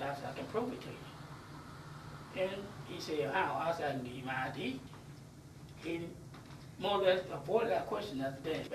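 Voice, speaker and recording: Male interviewee, a bit high-pitched, matter-of-fact; noise behind, echoey distant mic. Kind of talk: personal account in an interview.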